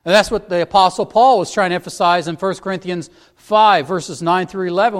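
A pastor delivers an expository sermon, working carefully through the text verse by verse. His voice sits a little higher than most men's, and his tone is earnest and instructive.

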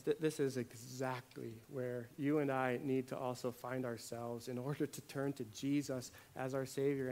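A man with a medium-pitched voice preaches a sermon, swinging between hushed, quiet lines and loud, emphatic ones. He often repeats words for emphasis.

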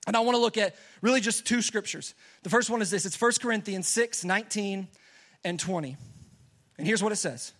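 A young man with a high voice gives an energetic youth sermon. His delivery is conversational and casual, and he keeps pulling the room into call-and-response. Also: brisk. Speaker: youth pastor.

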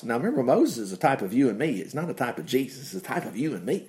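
A man's voice: medium pitch, fast talker, few pauses. A man teaching from the Bible in a conversational preaching style, breaking off for asides and exclamations and chuckling as he explains. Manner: animated, with frequent asides and exclamations.

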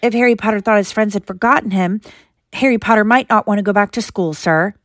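A woman's voice: mid-range voice, fast, no echo, clean studio sound, lightly acted. A woman voicing an anxious, servile male house-elf who speaks of himself in the third person, reading a storybook aloud. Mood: pleading.

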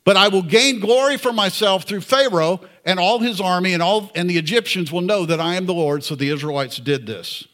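Male preacher, bright voice, earnest and conversational. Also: high-pitched, a little fast, few pauses. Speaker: pastor. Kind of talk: sermon.

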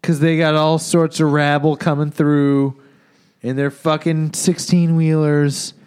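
A man's voice: on the high side, flat delivery, measured pace, a little mellow, smooth. A man cohosting a podcast, riffing in profane, rambling comedic banter. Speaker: podcast host.

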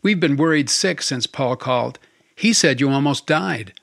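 A man voicing a cautious, earnest middle-aged wife on the phone in an audiobook, measured and gently insistent. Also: mid-range voice, lively intonation, gravelly. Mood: worried. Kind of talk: audiobook character voice.

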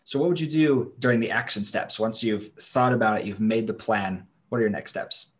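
A man's voice: fairly low pitch, brisk. A man hosting a podcast, upbeat and casual, hyping up his guest and asking questions. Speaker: podcast host. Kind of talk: enthusiastic podcast interview.

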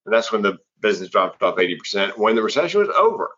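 A middle-aged man with a low, husky voice tells stories as an interview guest, slipping into the voices of the people he quotes. He comes across as a practised stage talker, and the sound is a little dull and lo-fi. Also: fast talker. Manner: animated storyteller who acts out quoted voices. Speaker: public speaker and former comedian, interview guest. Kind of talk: conversational storytelling in an interview. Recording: slightly dull, lo-fi audio.

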